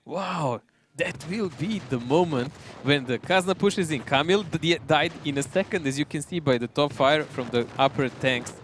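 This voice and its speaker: A man giving live analysis of an esports match, relaxed and analytical with frequent chuckles. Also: a little high, moderate pace, slight background noise.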